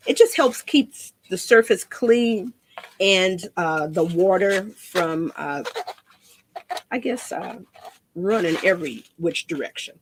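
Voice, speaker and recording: A woman's voice: fairly low pitch, breathy edge. A woman demonstrating a painting craft in a chatty, rambling way, often repeating her words.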